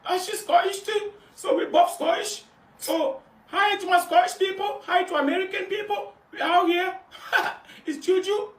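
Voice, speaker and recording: A man's voice: very high-pitched, steady tone, moderate pace. Young man joking and bragging playfully, roomy echo, far from the mic. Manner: playful, repetitive boasting. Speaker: clip subject. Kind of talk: joking self-introduction in a clip. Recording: echoey, from far off.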